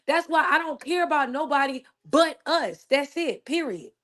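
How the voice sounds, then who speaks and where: A woman's voice: high-pitched, normal speed, fairly bright tone. A woman in a heated casual discussion, emphatic and insistent, repeating her points. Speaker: co-host.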